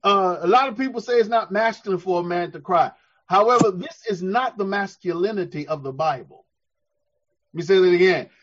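A man preaching a sermon, talking conversationally, repeating himself and building up to shouts while he calls for amens. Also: sits high, a little fast, highs cut off. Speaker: pastor.

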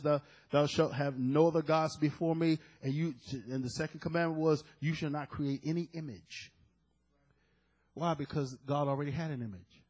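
A man's voice: fairly high pitch, poor audio. A man preaching a sermon, reading scripture and calling out to the congregation. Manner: preaching with call-and-response to the congregation. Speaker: pastor.

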